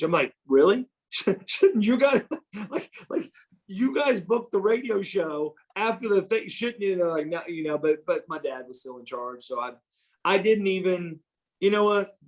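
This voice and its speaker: A middle-aged man with a slightly higher voice than most men tells backstage stories in a loose, casual interview. He is animated and swears freely, slipping into other people's voices as he quotes them. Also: rough recording. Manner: animated, profane, acts out quoted dialogue. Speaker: interview guest, former pro wrestler. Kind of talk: casual storytelling.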